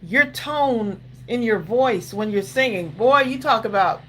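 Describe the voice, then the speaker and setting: A woman's voice: fairly high pitch, expressive, unhurried, fairly bright tone, slight background noise. A woman hosting a crafting livestream who chats casually, encourages viewers and laughs often. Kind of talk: casual live-stream chat.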